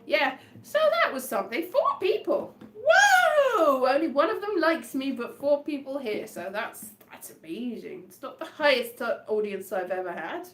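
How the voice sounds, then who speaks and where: A woman performing solo on a live stream, chatting in a rambling, whimsical, playful way and wandering off on tangents. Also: medium pitch. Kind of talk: rambling improvised comic chat between songs. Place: indoor room. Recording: echoey room with faint guitar.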